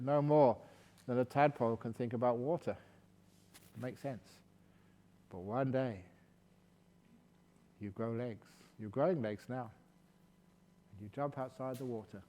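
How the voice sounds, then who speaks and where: A man giving a calm, gentle meditation talk at a retreat, slipping in playful jokes. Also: mid-range voice, big-room sound. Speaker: meditation teacher.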